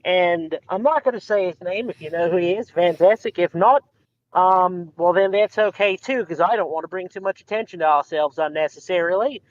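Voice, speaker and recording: A man's voice: sits high, a little fast. A man from the United States, a podcast guest, chatting casually and rambling with many ums and restarts over an online voice call. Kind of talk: casual chat. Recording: dull lo-fi voice call audio.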